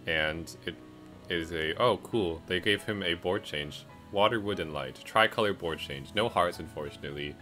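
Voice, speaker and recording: A man's voice: deep voice, normal speed, pushed and bright, soft background music. A man casually reviewing game updates in a rambling way, with lots of fillers and self-corrections. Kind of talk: casual commentary. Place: home, music playing behind.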